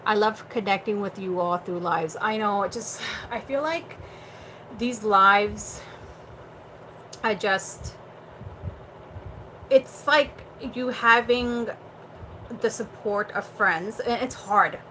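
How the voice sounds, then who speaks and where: A woman's voice: mid-range voice, takes it slowly, pauses often, sharp tone, rough recording. Young woman, livestream host, blunt, chatty, swears a lot, faint background noise. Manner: blunt, chatty, swears freely, lots of fillers. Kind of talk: casual livestream chat.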